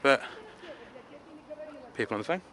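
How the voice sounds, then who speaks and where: An English man records a casual, rambling travel vlog outdoors in a city, making fun of himself and filling his speech with filler words. He talks at a measured pace with a sharp tone.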